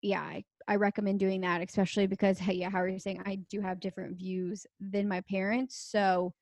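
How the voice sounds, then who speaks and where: A woman's voice: mid-range voice, level tone, a little fast, darkish tone, dry recording. Chatty young woman podcast co-host. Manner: earnest, chatty, many fillers. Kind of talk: casual chat.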